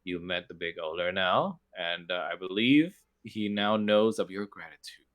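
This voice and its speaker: A man's voice: low voice, normal speed, a bit bright. A man voicing a fussy, stammering small penguin nobleman in a tabletop game. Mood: pushy. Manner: flustered, stammering.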